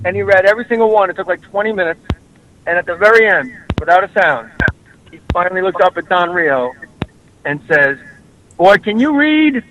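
A man hosting a podcast in casual chat, telling stories in an animated way and acting out quoted voices. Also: high voice, brisk, noisy background. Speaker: podcast host.

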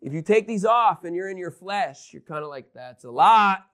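A man teaching a Bible lesson, excitable, swinging between loud emphasis and hushed asides. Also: high voice, fairly quick.

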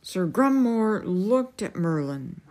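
A woman reading a novel aloud as a storyteller, gentle and unhurried. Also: medium pitch, sing-song.

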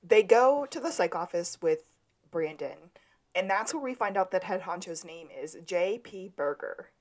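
A woman's voice: on the low side, animated, a little slow, darkish tone. A woman co-hosting a podcast, casually recapping a TV episode from her notes and laughing along. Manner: retells scenes from notes, laughing often. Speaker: podcast co-host.

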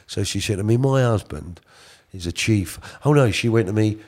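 A middle-aged man tells a personal story in a colloquial, earnest way, moving between soft asides and emphatic bursts. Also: lowish voice, moderate pace.

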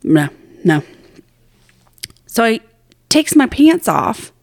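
A woman's voice: fairly high pitch, very animated, slow, gravelly, darkish tone, dry recording, clean studio sound. A woman co-hosting a podcast, telling a long, rambling story in casual chat with a lot of swearing and self-mockery. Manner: rambling, profane, self-deprecating. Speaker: podcast co-host.

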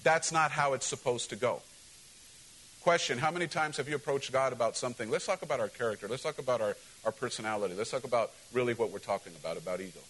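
A pastor preaching a sermon to his church, animated and direct, acting out quoted voices and calling questions to the congregation. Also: mid-range voice, very fast, hardly any pauses, slight background noise, rough recording.

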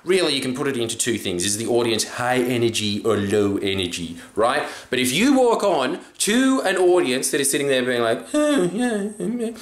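A man's voice: mid-range voice, big pitch swings, normal speed, hardly any pauses, echoey room. A young man, a stand-up comedian, talking in a brash, swearing, casual monologue. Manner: brash, swearing, acts out quoted voices. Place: room with green backdrop.

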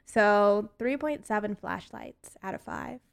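A woman's voice: mid-range voice, lively intonation, takes it slowly, gravelly, clean tone. A woman co-hosting a podcast, reviewing a horror movie in casual chat, with lots of fillers and giggles. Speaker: podcast co-host.

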